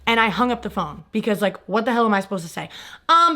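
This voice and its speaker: A young woman from California telling a personal story in a casual, animated vlog style, full of fillers. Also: mid-range voice, fast talker. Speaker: vlogger.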